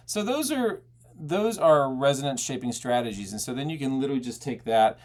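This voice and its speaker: A man teaching belting technique, talking casually and breaking into loud belted "hey" and vowel demonstrations. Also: medium pitch, expressive, moderate pace. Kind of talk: vocal technique lesson with sung demonstrations.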